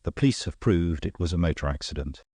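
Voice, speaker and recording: A man voicing a cool, worldly gentleman detective who speaks in a calm, dry, knowing way. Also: low-pitched, fast, husky, dry recording, heavily acted. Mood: wry.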